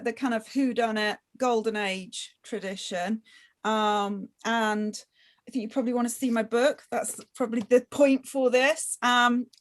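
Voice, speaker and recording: A woman's voice: a little high, a bit bright. A woman from Yorkshire talking casually as a guest on an online panel over a video call.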